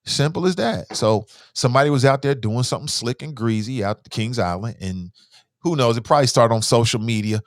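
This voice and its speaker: A man's voice: medium pitch, a little fast, no room sound, studio quality. A man hosting a call-in talk show. He speaks in a loose, blunt way, using slang and swearing, and he reads listener messages aloud. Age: adult with children. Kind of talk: casual opinionated talk show commentary.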